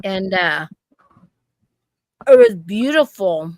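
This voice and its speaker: A woman's voice: mid-range voice, lively intonation, slow pace, a little mellow, no echo. A woman in her fifties, co-hosting a stream and telling rambling stories with frequent laughs. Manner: rambling storyteller, laughs often. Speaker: stream co-host. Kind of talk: casual chat.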